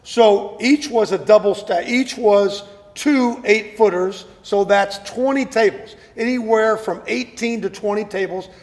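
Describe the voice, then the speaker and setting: A man being interviewed as an actor guest, telling animated stories and often repeating words as he starts a sentence. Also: high-pitched, unhurried, hardly any pauses, big-room sound. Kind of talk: casual interview chat.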